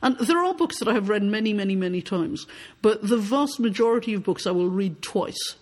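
A woman's voice: medium pitch, animated, fairly quick. Thoughtful woman author, repeating herself. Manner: thoughtful, repeats words when starting sentences. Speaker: author being interviewed. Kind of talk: reading aloud from her novel, then conversational answers.

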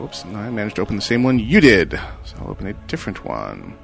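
Lively man reading fan mail playfully. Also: on the low side, quick pace, creaky, soft background music. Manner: playful, jokey asides. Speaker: podcast co-host. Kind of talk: casual chat, reading listener emails.

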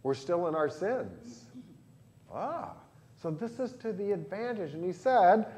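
A pastor with a Southern Illinois accent, leading a lively catechism lesson for children and adults and quizzing the class. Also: male voice, sits high, unhurried. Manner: animated, asks the class questions.

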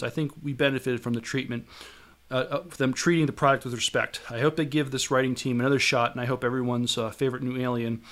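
Bright-voiced man reading listener mail. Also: mid-range voice.

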